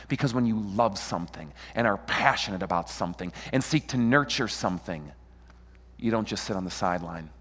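A man preaching a sermon in an animated way, calling on the congregation to answer him. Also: on the low side, normal speed. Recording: long hall reverb.

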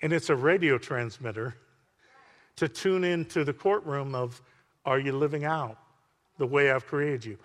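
A man preaching a sermon to a congregation, animated and full of call-outs to the listeners. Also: mid-range voice, unhurried, long pauses. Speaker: pastor. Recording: long hall reverb.

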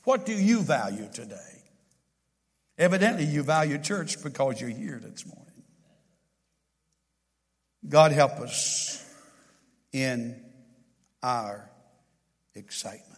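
A man preaching a sermon in a church, impassioned, swinging from loud to hushed. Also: mid-range voice, lively intonation, takes it slowly, long pauses, breathy edge, long reverb tail.

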